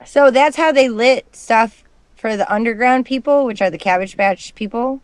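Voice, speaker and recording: A woman's voice: fairly high pitch, moderate pace, no echo. Chatty woman from Michigan. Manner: chatty, enthusiastic, swears casually. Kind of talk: casual podcast chat.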